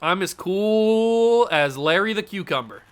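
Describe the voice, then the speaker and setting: A young man calling plays out loud as he plays a football video game, jumping from play-by-play to excited outbursts and chatter with himself. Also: sits high, unhurried. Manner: excitable, self-talking, swings between play-by-play and outbursts. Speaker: gaming channel host.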